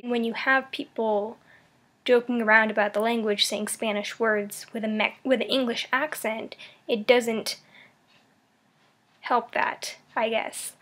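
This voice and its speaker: A young woman vlogging straight to camera, her voice a little higher than most. She muses aloud in a loose, rambling way, full of ums, likes and restarts. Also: a bit bright. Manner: rambling and thoughtful, many fillers and restarts. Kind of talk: casual vlog monologue.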